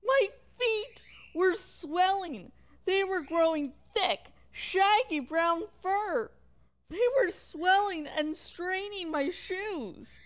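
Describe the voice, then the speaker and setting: A woman reading a novel aloud on a livestream, expressive, with chatty asides. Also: extremely high pitch, slow pace. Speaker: reader of a book.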